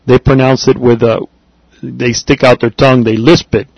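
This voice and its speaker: A man from America, teaching a class, talking haltingly with many fillers and repeats. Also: medium pitch, flat delivery, creaky, husky, dry recording, highs cut off. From Latin America. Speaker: Spanish teacher. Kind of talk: classroom language lesson.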